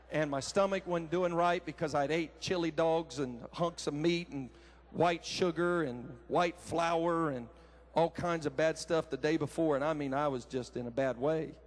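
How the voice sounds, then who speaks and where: A high-pitched man in his thirties preaching to a crowd. He tells homespun family stories in an animated way, jumping into loud acted quotes. A lively, folksy pulpit style. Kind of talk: sermon with personal story. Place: large conference hall.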